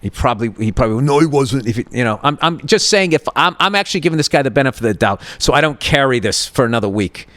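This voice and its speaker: A man's voice: medium pitch, animated, quick pace, hardly any pauses, bright, forceful tone, no room sound. A man in his fifties, a podcast host, telling a comedic story in a profane, exasperated rant and acting out both sides of an argument.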